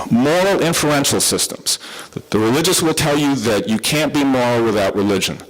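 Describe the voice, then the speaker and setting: A man's voice: mid-range voice, low-quality recording. A middle-aged man with a Southern American accent giving a live conference lecture, talking in a conversational way with frequent fillers and restarts. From southern United States. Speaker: conference speaker.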